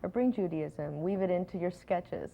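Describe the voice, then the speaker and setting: A woman's voice: lowish voice, normal speed, vocal fry. A woman interviewing a guest, laughing easily and keeping her prompts brief. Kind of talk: casual interview chat. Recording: dull lo-fi old TV recording.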